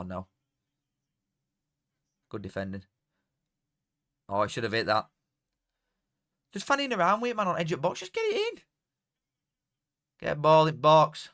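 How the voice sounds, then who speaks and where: A man's voice: mid-range voice, dry recording, clean studio sound. A young man, casually commentating on a live match and bantering with chat. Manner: banter with chat, swings from mutters to shouts. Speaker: watchalong streamer.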